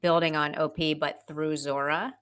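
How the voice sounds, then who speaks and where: Low-voiced woman cohost, jokey asides, casual chat. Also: flat delivery, normal speed, fairly bright tone, smooth. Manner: playful, joking asides. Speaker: podcast co-host.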